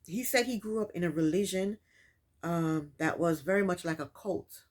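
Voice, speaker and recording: In a lowish voice at normal speed, a woman hosts a laid-back reality-show recap, narrating the episodes herself. She's sassy throughout and scolds the people on screen.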